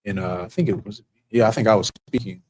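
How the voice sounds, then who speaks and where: A man with a somewhat low voice tells stories in an earnest, casual way. He wanders through his points and often stops and restarts his sentences. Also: fast, darkish tone, a little hiss or hum, low-quality recording. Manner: rambling, many fillers and restarts, earnest. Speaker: officer of a religious group. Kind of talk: casual storytelling.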